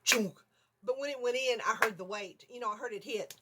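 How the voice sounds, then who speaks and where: A middle-aged woman, telling an animated story on her vlog, laughing often and acting out her own screams. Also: fairly high pitch, fairly quick, very noisy. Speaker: vlogger.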